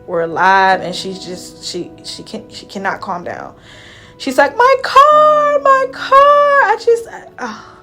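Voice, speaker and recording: A young woman hairstylist talking casually to the camera in a vlog, retelling events in an emotional, chatty way and often trailing off softly. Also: on the low side. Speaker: hairstylist vlogger.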